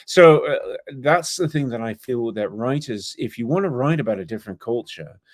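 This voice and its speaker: An English man, appearing as an author guest on a podcast, tells meandering stories packed with fillers and asides in a casual interview. His mid-range voice is animated and moves at a moderate pace, captured in a dry, clean studio recording.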